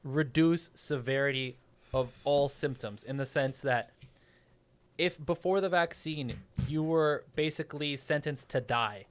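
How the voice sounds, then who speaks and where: A man's voice: a little high, a little slow. A man co-hosting a podcast in casual chat, explaining things emphatically and swearing a lot. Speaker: podcast co-host.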